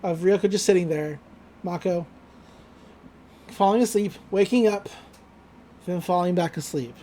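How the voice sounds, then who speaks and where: A woman's voice: lowish voice, a little slow, warm tone, slight background noise. A young woman co-hosting a podcast, chatting casually and rambling through an episode recap. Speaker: podcast co-host.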